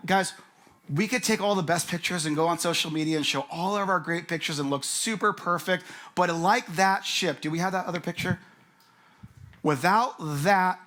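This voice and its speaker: Middle-aged pastor, frank and chatty delivery, slightly high voice. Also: male voice, fairly bright tone. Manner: conversational, candid, addresses crowd as guys. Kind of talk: sermon.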